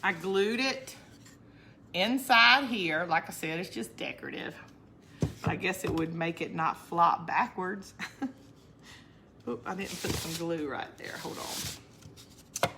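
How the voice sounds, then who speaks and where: A woman's voice: fairly low pitch, a little slow, vocal fry, long pauses, noisy background. A woman hosting a casual crafting livestream. She chats to her viewers, laughs often and answers their comments as she works. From northern United States. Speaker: crafting channel host.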